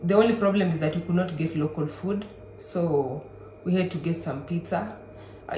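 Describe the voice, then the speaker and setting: Young woman from Kenya, travel vlogger, chatty and excitable, echoey room, faint background noise. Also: on the low side. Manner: chatty and excitable, with bursts of exclamation. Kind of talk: casual travel vlog narration.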